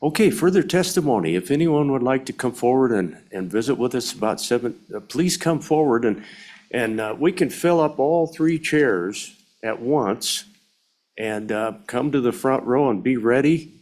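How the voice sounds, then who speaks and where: A man's voice: mid-range voice, expressive, moderate pace, darkish tone. A man chairing a legislative committee hearing, courteous and informal, with frequent fillers.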